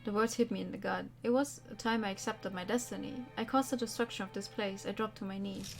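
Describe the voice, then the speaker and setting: A woman streamer reads a game's story aloud with theatrical emphasis. Her voice sits at an ordinary middle pitch, and she breaks off now and then for casual remarks. Faint music plays behind her. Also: steady tone, fast talker. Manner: dramatic read-aloud with chatty asides. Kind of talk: reading game text aloud on stream. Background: faint background music.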